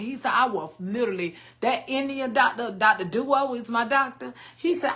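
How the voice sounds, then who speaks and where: A woman in her fifties talking straight to her followers in a bright, forceful voice. She tells her story candidly and with feeling, in easy vernacular speech. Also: fairly high pitch, expressive, normal speed, few pauses. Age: 50s. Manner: candid, emotional storytelling with Southern Black vernacular. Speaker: cooking vlogger. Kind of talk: casual chat to viewers.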